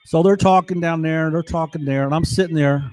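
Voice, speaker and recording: A man's voice: a little high, steady tone, brisk, a little mellow, no room sound. Middle-aged man rambling, dry close sound. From New York, United States. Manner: meandering, keeps asking "right?" and "you know?"; acts out overheard voices in his story. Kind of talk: rambling monologue to camera.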